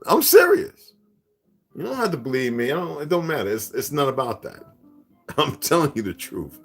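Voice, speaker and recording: A man hosting a casual livestream, rambling and profane, laughing often as he talks. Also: mid-range voice. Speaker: livestream host.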